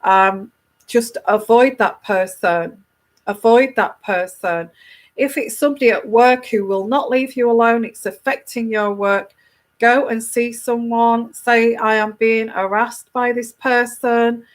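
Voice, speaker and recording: A woman's voice: on the high side, measured pace. A woman tarot reader giving casual advice to a viewer, emphatic, often repeating herself and restarting her sentences.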